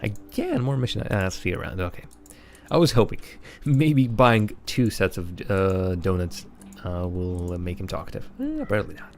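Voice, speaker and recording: A man's voice: fairly low pitch, sing-song, normal speed. A young man streaming a game live, reading its text aloud in a rambling, chuckly way full of fillers.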